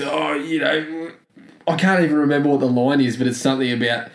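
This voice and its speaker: A man's voice: fairly high pitch, brisk. Man, sarcastic, casual review chat, roomy echo. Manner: sarcastic, laughs while ranting. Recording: echoey room.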